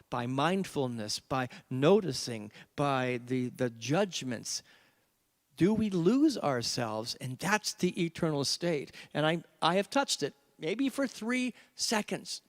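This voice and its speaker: A man serving as minister, leading a group meditation discussion in a reflective way, slowing down and stretching key words. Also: a little high. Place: church gathering with a live group. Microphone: handheld microphone.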